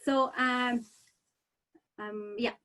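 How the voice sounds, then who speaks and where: A woman's voice: a little high, steady tone, very slow, pushed and bright, clear, resonant tone. A woman presenting a childcare webinar in a chatty, informal way, full of "you know" fillers and restarts.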